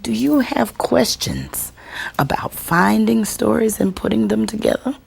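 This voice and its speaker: A woman storyteller teaching a workshop and answering audience questions, expressive and deliberate, acting out the voices she quotes. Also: a little high, creaky, slight background noise. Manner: slow, deliberate delivery with chuckles.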